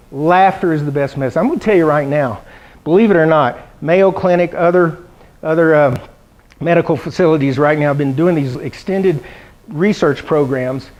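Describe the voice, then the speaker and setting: A middle-aged man gives a funny keynote address to a conference audience. He tells his stories with lively energy and slips into the voices of the people he quotes. His voice sits a little on the high side. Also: low-quality recording. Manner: animated storytelling, acts out quoted voices. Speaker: keynote speaker. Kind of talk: humorous keynote speech. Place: conference hall.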